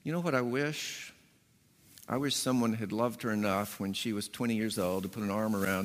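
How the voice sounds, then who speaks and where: A man's voice: fairly low pitch, fairly even intonation, normal speed, in a large hall. A man preaching a sermon, telling a folksy story and acting out the dialogue as he goes. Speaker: pastor.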